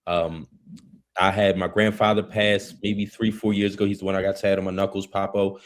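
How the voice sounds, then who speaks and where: A man's voice: low-pitched, flat delivery, brisk. A man speaking as an interview guest, earnest and open, in casual slang.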